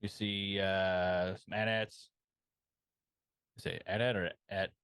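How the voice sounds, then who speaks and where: Low-voiced man, hesitant podcast chat. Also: level tone, takes it slowly, a bit bright, clean tone, dry recording. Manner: hesitant, lots of ums and restarts. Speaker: podcast co-host. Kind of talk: casual podcast chat recapping an episode.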